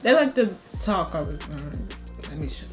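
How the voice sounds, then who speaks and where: A young woman in her late teens, a guest friend chatting casually over food, giggly and animated. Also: sits low, moderate pace, faint music behind. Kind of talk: casual chat while eating.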